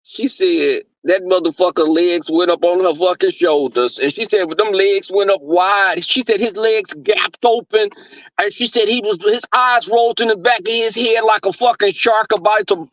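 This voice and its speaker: A man's voice: sits high, moderate pace, a bit bright, dry recording. A man in his twenties hosting a casual livestream, telling a profane, gossipy story and answering chat. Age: 20s. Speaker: livestream host reading chat. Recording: dull lo-fi dry sound.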